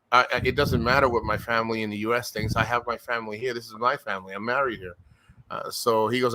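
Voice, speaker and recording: A man's voice: mid-range voice, bright, forceful tone. A man hosting a live stream, talking casually and emotionally, rambling and retelling what others said. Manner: rambling, restarts a lot, retells quotes.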